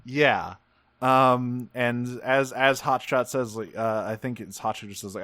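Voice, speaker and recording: A man's voice: medium pitch, fairly even intonation, unhurried, pushed and bright, dry recording. Male co-host, casual rambler, swears freely; dry, close sound. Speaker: podcast co-host. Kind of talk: casual chat recapping a cartoon.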